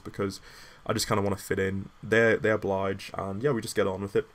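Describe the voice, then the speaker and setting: A man's voice: on the low side, quick pace. A young man, telling a casual story in a rambling, self-deprecating way full of filler words.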